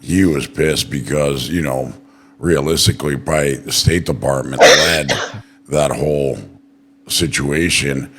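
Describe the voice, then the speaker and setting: A man's voice: rumbling low, a little slow, a bit bright, slightly rough. A man hosting a casual political podcast, talking bluntly with plenty of swearing. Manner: blunt and profane. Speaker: podcast host.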